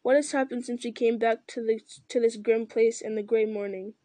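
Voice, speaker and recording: A woman voicing a kindly male elf, coaxing a friend in a gentle reading. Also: a little high, steady tone, moderate pace, no room sound, close to an everyday voice.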